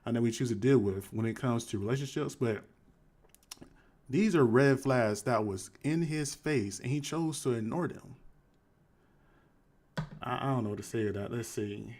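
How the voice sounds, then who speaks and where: Male host, casual commentary, reads quotes in a flat low tone. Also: moderate pace, pauses often. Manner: conversational, shifts to flat low reading voice for quoted texts. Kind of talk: live commentary reading text messages aloud.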